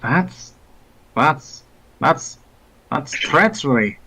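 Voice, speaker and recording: A man voicing a gruff male soldier comrade with a thick accent, blunt and calling others lad, in tabletop role-play. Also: on the high side, very animated, drawn-out words, sharp tone, pitched above the performer's own voice, full character voice, low-quality recording.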